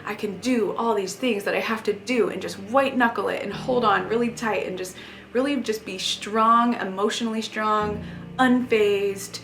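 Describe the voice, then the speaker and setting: A woman's voice: mid-range voice, moderate pace, a bit bright, slight background noise. A young adult woman giving a heartfelt life update, earnest and emotional, with lots of "like" fillers. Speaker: vlogger. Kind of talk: casual personal life update. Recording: echoey room with faint music.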